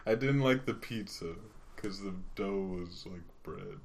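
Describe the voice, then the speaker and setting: A young man co-hosting a casual podcast, joking loudly and often breaking into shouts and laughter. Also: low-pitched, lively intonation, measured pace, vocal fry. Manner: loud, jokey, swings to shouts and laughs. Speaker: podcast host.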